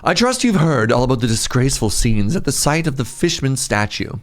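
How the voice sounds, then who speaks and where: A man's voice: medium pitch, big pitch swings, a little fast, lightly acted. A man voicing a pompous, snobbish male mayor in a put-on posh accent, reading game dialogue aloud. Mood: smug. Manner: haughty, dismissive.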